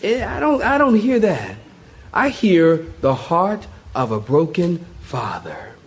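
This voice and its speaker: A man's voice: high voice, sing-song, slow, a little hiss or hum. A male pastor preaching a sermon, telling stories with animation, laughter and acted-out voices.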